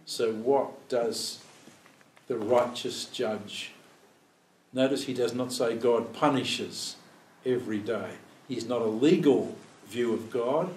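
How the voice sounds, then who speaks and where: A man's voice: medium pitch, takes it slowly, a little mellow, a little hiss or hum. A man leading an informal Bible study. He thinks aloud, poses rhetorical questions and acts out quoted prayers. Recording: roomy, distant mic, faint room ambience.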